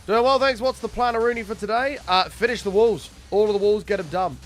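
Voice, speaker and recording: A young man chatting casually with viewers while streaming a game, excitable and swearing freely. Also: high-pitched, fairly quick, slight background noise. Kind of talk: casual live-stream chat.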